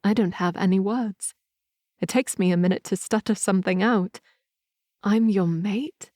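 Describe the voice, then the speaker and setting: A woman narrating a romance audiobook in the first person, in a measured, intimate storytelling manner on a close mic. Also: mid-range voice, steady tone, a little mellow, no echo.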